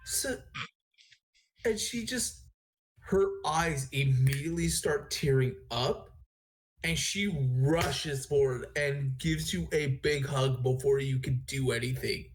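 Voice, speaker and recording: A man's voice: medium pitch, slow pace. Male game master, rambling, restarts sentences mid-thought while narrating scenes. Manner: rambling, self-correcting narration.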